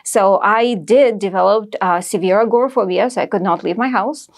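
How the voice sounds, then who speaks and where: A woman with a Russian accent chats as a guest on a podcast, speaking candidly and poking fun at herself. She is a doctor, and her pitch sits in an ordinary middle range for a woman. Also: normal speed. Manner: candid, self-mocking storyteller. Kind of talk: casual podcast chat.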